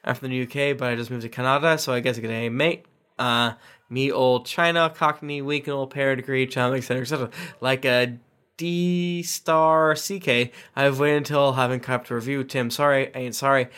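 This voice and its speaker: A man's voice: mid-range voice, fairly even intonation, a little fast, fairly bright tone, clear, resonant tone. A man hosting a casual podcast, reading listener reviews aloud with playful voices and asides.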